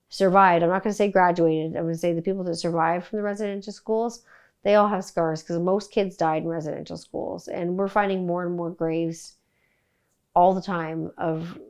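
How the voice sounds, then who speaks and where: Middle-aged woman from Canada, podcast host, smooth lower voice, blunt and profane. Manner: blunt, profane, animated storytelling. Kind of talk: casual solo podcast rant.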